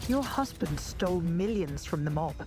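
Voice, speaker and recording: A cool, matter-of-fact female assassin, played by an actress, with a slightly low voice. Loud trailer music runs underneath. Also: animated, normal speed, close to an everyday voice. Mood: deadpan. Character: calm woman assassin. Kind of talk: film trailer acting.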